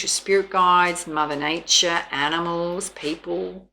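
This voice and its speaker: Gravelly-voiced Australian woman. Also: lowish voice, fairly even intonation, unhurried, bright, forceful tone. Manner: chatty, soothing, laughs often. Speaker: tarot reader. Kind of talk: casual tarot reading.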